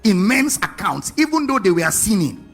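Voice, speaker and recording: A man's voice: high-pitched, big pitch swings, moderate pace, breathy edge, faint music behind. A man preaching a sermon to a congregation, firing rhetorical questions and asking them to read along.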